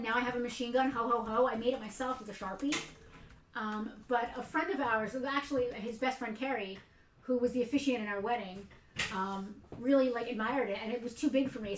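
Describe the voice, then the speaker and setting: A high-pitched woman chats her way through a livestream giveaway in a toy store, giggling often and blurting out blunt remarks. She sits a little back from the mic in a roomy, echoing space. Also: background noise. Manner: chatty and giggly, with blunt outbursts. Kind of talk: casual livestream chat. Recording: roomy echo, a bit far from the mic.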